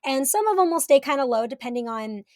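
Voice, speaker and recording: A woman's voice: sits high, lively intonation, fast, darkish tone, no echo, clean studio sound. A woman guest talking casually on a podcast, chatty and swearing freely, with many fillers. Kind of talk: casual chat.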